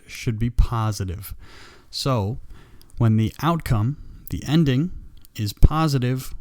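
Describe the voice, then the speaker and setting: Slow, patient male English teacher. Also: medium pitch, a little mellow, no room sound, clean studio sound. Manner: slow, patient, repeats example sentences. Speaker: ESL teacher. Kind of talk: live English grammar lesson.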